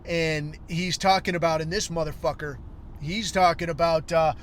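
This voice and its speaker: A man's voice: fairly high pitch, steady tone, moderate pace, a little hiss or hum. A man in his forties, a podcast host, telling a long profane story in a rambling, wry way. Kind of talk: casual storytelling monologue.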